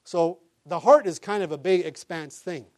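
A middle-aged male pastor delivers a sermon in an animated storytelling manner, often chuckling at his own anecdotes. His voice sits somewhat high for a man. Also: normal speed.

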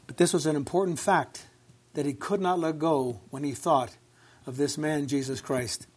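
A man's voice: fairly high pitch, steady tone, normal speed, darkish tone, breathy edge. A man preaching in a church, reading scripture aloud and stressing points with repeated words and questions to the congregation. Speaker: pastor. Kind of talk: sermon.

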